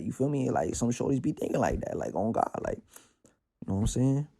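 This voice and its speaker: A man's voice: mid-range voice, very animated, normal speed, gravelly, mellow, slightly rough. A man from the Bronx with a New York accent, musing in a slangy, streetwise way during a casual spiritual monologue at home. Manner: slangy, reflective, streetwise talk with many fillers. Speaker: podcast host. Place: at home with his cat.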